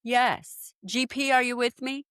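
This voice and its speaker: A woman in her forties from San Diego, telling a personal story as a podcast guest and acting out what people said with lively jumps in her voice. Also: measured pace, smooth, no room sound, studio quality. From San Diego, USA. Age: 40s. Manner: animated, acts out quoted speech with big pitch jumps, lots of fillers. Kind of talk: casual storytelling in conversation.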